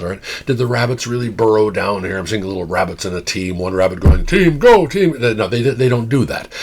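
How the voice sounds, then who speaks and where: A man giving an informal psychology lecture, animated, with wry asides and frequent "okay?" check-ins. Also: sits low, husky.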